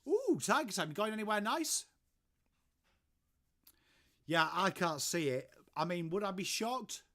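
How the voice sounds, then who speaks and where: A man from England, whose voice is a touch higher than most men's, hosts a relaxed, chatty live stream from home and speaks a little slowly. It's a casual watchalong where he keeps naming viewers and answering their messages as they arrive.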